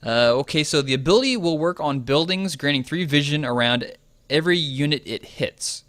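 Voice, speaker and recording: A man's voice: a little high, lively intonation, normal speed, fairly bright tone, no echo. A man hosting a game video, chatting casually about balance changes and thinking aloud with plenty of fillers. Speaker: gaming video host.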